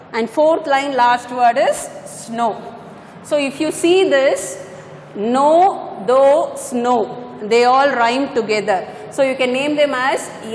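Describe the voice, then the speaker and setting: A woman's voice: sits high, slight background noise. A woman teaching a poetry lesson, patiently repeating points and correcting herself as she goes. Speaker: English teacher. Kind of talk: classroom lecture on poetry. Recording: echoey room with long reverb.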